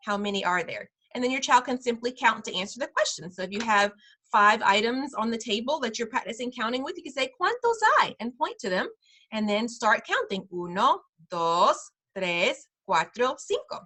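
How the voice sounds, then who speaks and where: A woman teaching parents simple Spanish phrases in an online class, patient and slowing down over each phrase. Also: on the high side, lively intonation, bright, forceful tone. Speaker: preschool director teaching parents.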